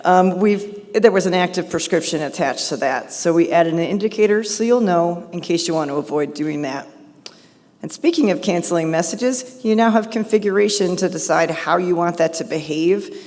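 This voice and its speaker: Lowish-voiced woman giving a quick chatty conference talk, bit hoarse, hall echo. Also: a little mellow. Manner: fast, chatty and upbeat. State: voice going hoarse. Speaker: conference presenter. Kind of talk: product update presentation. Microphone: handheld or podium mic.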